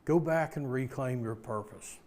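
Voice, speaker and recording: A man voicing a solemn father lion who calls slowly to his son as he retells an animated film. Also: mid-range voice, natural voice.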